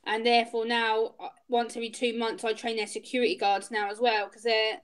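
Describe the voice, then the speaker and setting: A woman's voice: on the high side, little pitch movement, brisk. A woman in her late twenties chatting casually in a group, telling stories and acting out both sides of each exchange. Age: 20s. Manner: chatty storyteller, acts out both sides of dialogues. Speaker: autism trainer.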